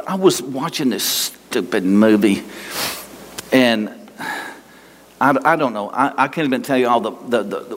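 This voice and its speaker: A man preaching a sermon as pastor, animated and conversational, with asides. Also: mid-range voice. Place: church sanctuary. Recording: long reverb of a large hall.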